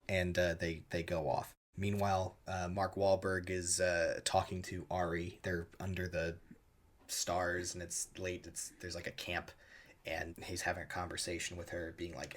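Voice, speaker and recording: Low-voiced man recapping a movie. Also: fairly even intonation, moderate pace, pushed and bright. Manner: retells scenes with loose, offhand voiced quotes. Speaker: podcast co-host. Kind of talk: casual movie recap chat.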